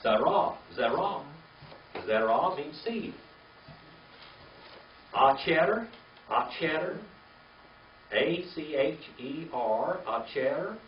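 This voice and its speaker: An older man teaching a classroom Hebrew reading lesson, patient and slow, spelling words out letter by letter. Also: on the high side, animated, slight background noise. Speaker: Bible language teacher. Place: classroom with a small group. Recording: echoey, distant, dull lo-fi room recording.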